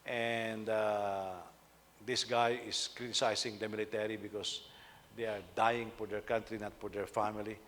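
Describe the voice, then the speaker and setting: A man's voice: on the low side, flat delivery, moderate pace, a bit bright, a little hiss or hum. Man preaching in a reverberant hall. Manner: conversational, asks the listeners rhetorical questions. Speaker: senior pastor. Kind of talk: sermon.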